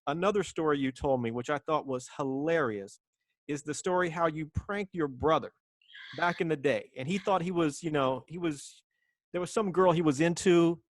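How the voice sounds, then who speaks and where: A man's voice: fairly high pitch, moderate pace, no room sound. Man, radio host, enthusiastic, dry close sound, home interview. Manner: enthusiastic, plugs the guest, asks rambling questions. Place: his home.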